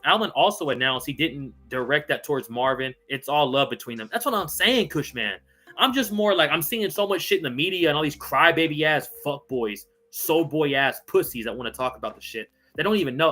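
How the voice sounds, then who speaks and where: Casting note: young male stream host, bright and forceful tone, swears constantly, fired-up rants, faint music underneath. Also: on the high side. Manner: profane ranting, then repeated apologies; calls viewers bro, brother, homie. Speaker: host of a live fight recap stream. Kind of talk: live stream chat reading viewer comments.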